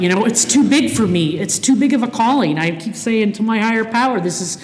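A woman's voice: fairly high pitch, animated, brisk, few pauses, a little mellow, a little hiss or hum. A speaker from the Cleveland area of Ohio, sharing her story from a podium at a recovery meeting, candid and full of swearing and restarts. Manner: candid and profane, with frequent fillers and restarts. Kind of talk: personal testimony from a podium. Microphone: podium microphone. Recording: echoey hall reverb.

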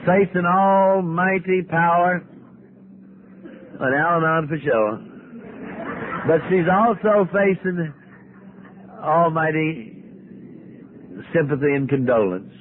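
An older man, an abbot, telling stories to an audience at a recovery meeting with lively, dramatic delivery. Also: fairly high pitch, slow, long pauses. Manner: animated, dramatic storytelling with wide swings. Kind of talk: storytelling talk to an audience. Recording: tinny lo-fi archive tape with faint hiss.

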